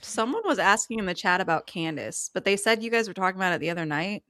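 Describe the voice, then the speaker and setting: A woman's voice: medium pitch, animated, quick pace, bright, forceful tone, no room sound, clean studio sound. A woman hosting a casual live stream, playfully teasing her co-hosts and relaying questions from the chat. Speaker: stream host reading chat.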